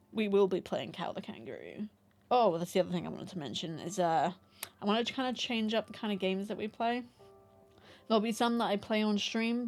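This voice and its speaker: A woman chatting casually to her live stream audience, rambling and self-deprecating, laughing often. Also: mid-range voice.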